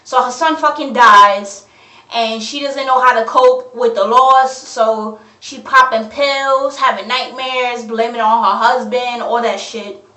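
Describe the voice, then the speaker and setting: A young woman tears into a horror film, cursing freely in casual slang. Her voice sits a little high. She is recorded on a phone set back from her in an echoey room. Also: steady tone, a little slow, pushed and bright, recorded from a distance. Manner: profane, blunt, slangy. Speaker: movie reviewer. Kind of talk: ranting movie review.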